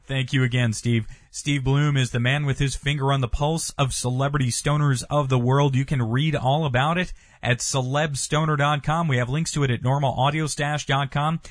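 Male show host, mid pitch, polished scripted announcer read, dry close sound. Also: steady tone, normal speed, hardly any pauses, dry recording. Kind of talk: radio-style show sign-off.

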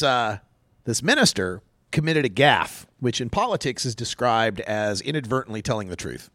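A man hosting a talk radio show, delivering news commentary in an animated, sarcastic way and laughing at his own jokes. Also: medium pitch, no room sound, clean studio sound.

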